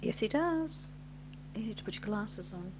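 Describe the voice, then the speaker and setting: A woman with an Australian accent co-hosting a casual livestream chat, teasing her co-host in a lively way. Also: mid-range voice, moderate pace, slight background noise.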